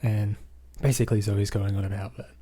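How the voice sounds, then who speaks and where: An Australian man talks through a movie plot in a loose, rambling recap, padding his sentences with "basically" and "um". His voice sits low and mellow with a husky edge. He keeps a flat, even delivery throughout. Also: brisk. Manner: rambling, leans on fillers like "basically" and "um". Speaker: movie reviewer. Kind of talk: casual spoken movie recap.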